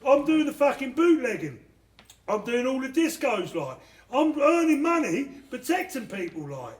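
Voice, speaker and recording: A man telling stories in a casual interview, blunt and animated, swearing constantly. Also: very high voice, normal speed. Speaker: interviewee, former doorman. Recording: echoey room.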